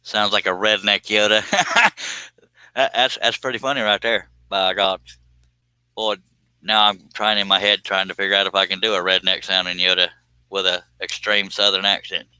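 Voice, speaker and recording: A man's voice: deep voice, flat delivery, normal speed, pushed and bright, smooth, no room sound, poor audio. A man hosting a casual live stream, talking in a folksy, self-amused way and chuckling often.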